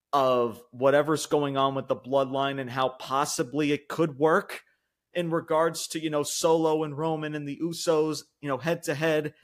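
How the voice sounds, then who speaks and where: A man co-hosting a wrestling podcast, ranting heatedly with lots of swearing and repeated words. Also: on the high side. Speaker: podcast co-host. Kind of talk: casual wrestling podcast rant.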